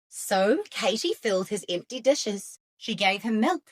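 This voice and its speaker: A woman reading a picture book aloud to children in an expressive, sing-song, inviting way. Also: fairly high pitch, unhurried, few pauses. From New Zealand. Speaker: children's storyteller. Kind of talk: read-aloud storytime for children.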